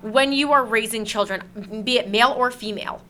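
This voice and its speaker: Woman interviewer, bright voice, slightly high, emphatic and indignant. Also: normal speed. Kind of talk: casual conversation.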